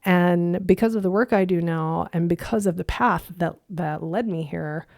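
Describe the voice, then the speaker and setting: A woman speaks in a low, mellow voice with a gravelly edge. She talks to her listeners as a coach, earnest and candid, swearing freely. The sound is dry and close. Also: moderate pace, no room sound. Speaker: podcast host and integration coach. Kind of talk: reflective podcast monologue.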